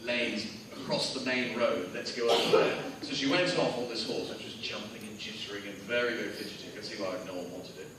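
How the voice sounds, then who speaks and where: A man's voice: fairly low pitch, fairly quick, hardly any pauses, far from the mic, heavy background noise. An English man on a convention panel, telling a comic anecdote on stage with restarts, fillers and quoted voices. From England. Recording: echoey hall, mic from afar, loud audience.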